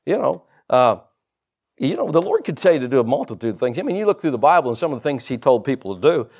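A man's voice: mid-range voice, sing-song, fast talker, a little mellow, husky. A middle-aged man preaching a sermon as pastor, with humorous asides and rhetorical questions.

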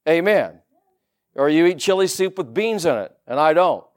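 A man with a Southern US accent preaching a sermon in a folksy, animated way, with laughs and asides. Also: on the high side, moderate pace. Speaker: pastor.

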